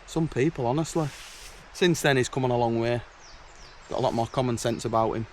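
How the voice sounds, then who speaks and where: Talking fairly quickly in a mid-range voice with a darkish tone, a camping vlogger shares casual stories to camera at his outdoor woodland camp. He's chatty and blunt, with a note of exasperation in his anecdotes, and there's a little background noise.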